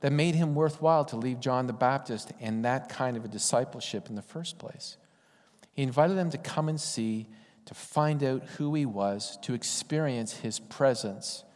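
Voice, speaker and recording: A man's voice: medium pitch, moderate pace, a little mellow. A man preaching a sermon in a conversational, folksy storytelling way. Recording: long hall reverb.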